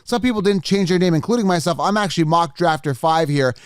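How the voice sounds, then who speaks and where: A young man hosts his own podcast into a close, dry microphone, his voice pitched slightly high. He talks fast and eager, repeating his points like a salesman. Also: smooth, no room sound. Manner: energetic, repetitive, salesy. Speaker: podcast host. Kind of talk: casual podcast talk with ad reads. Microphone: studio microphone.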